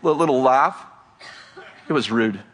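A man's voice: medium pitch, expressive, normal speed, very noisy. A middle-aged male pastor preaching to a congregation in a conversational, joking manner. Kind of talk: sermon. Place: church before a congregation.

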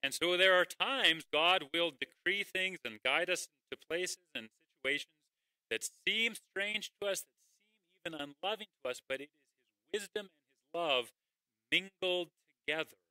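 A man's voice: high-pitched, moderate pace, sharp tone, clear, resonant tone, no echo, poor audio. A man preaching a sermon as pastor, conversational, with rhetorical questions and occasional fillers.

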